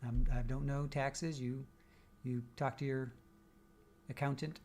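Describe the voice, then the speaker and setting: A man's voice: medium pitch, level tone, measured pace, darkish tone, a little hiss or hum. A man hosting a live stream, casually reading out viewer comments with teasing jokes and frequent laughs. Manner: joking, teasing, laughs often. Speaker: livestream host.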